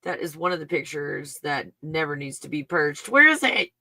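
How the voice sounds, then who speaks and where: Livestream host, excited monologue, bright forceful tone, dry close sound, prone to swearing and exclaiming. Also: medium pitch, normal speed, no room sound. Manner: thinks aloud, bursts into exclamations; swears under breath. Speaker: live stream host.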